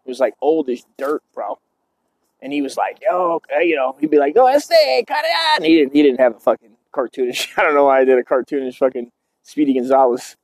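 A man in his forties hosts a podcast, casually telling stories in a profane, rambling style and tossing in "dude" and "man." He speaks quickly with a medium pitch, fairly even intonation, and a darkish tone. There's no echo.

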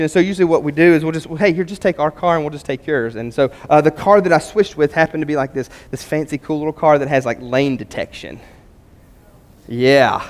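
Pastor, male, slightly high voice, chatty storytelling sermon, long reverb of a church hall. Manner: conversational, storytelling with humor. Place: church sanctuary.

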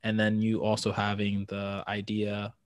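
A man's voice: fairly low pitch, completely flat delivery, unhurried, no room sound. A man co-hosting a trainers' podcast, thoughtfully asking follow-up questions. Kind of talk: casual podcast chat.

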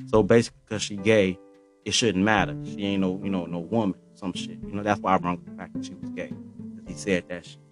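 A man in his forties hosting a podcast, talking loosely in a casual monologue with lots of slang and filler phrases. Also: mid-range voice. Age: 40s. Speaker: podcast host.

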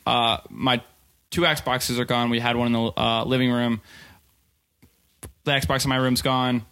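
A man's voice: mid-range voice, little pitch movement, measured pace, bright, forceful tone. A young man hosting a casual podcast chat, telling stories and laughing often. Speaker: podcast host.

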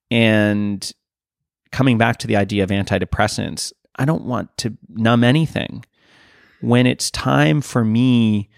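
A man, a podcast guest, telling a story in a casual, animated and earnest way, swearing now and then. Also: fairly low pitch, creaky, no room sound, studio quality.

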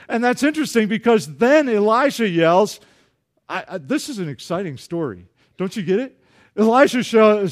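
Animated male pastor with a high voice, preaching a lively sermon. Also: normal speed. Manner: animated, acts out dialogue, jokes with congregation.

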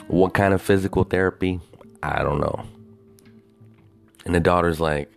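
A man's voice: sits low, moderate pace, creaky, pauses often, faint music behind. A man casually telling a rambling story, full of swearing and unsure asides. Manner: profane, hesitant, self-doubting.

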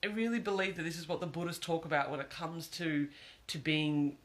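A man's voice: on the high side, steady tone, a little fast, fairly bright tone. A man giving an earnest, reflective monologue, repeating phrases for emphasis.

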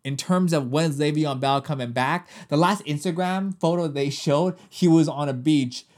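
Male podcast co-host, somewhat high voice, animated, swears freely, quick to laugh. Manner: animated, profane, laughs often, jumps up in pitch for quoted lines. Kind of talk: casual chat. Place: Los Angeles.

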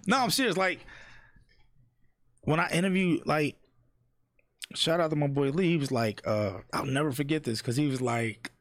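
A man on a casual interview show, telling animated stories and mimicking the people he quotes. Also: on the high side, moderate pace, pauses often, no echo, studio quality. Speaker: interviewer and guest. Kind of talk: casual podcast chat.

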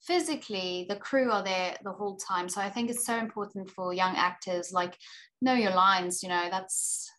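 A woman's voice: mid-range voice, moderate pace, a bit bright. Chatty South African woman, young adult. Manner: chatty, frequent "you know" fillers. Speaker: actor and filmmaker guest. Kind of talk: casual interview chat.

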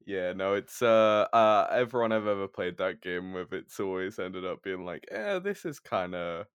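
A man's voice: deep voice, little pitch movement, moderate pace, smooth, no room sound. Rambling young man telling a story. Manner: rambling, full of ums and restarts, laughing storyteller. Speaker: podcast co-host. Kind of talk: casual podcast storytelling.

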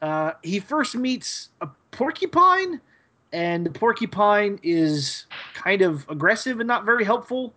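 A man co-hosting a podcast, giving a rambling, hesitant episode recap full of fillers and pauses. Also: sits high, very animated, bright, forceful tone. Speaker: podcast co-host.

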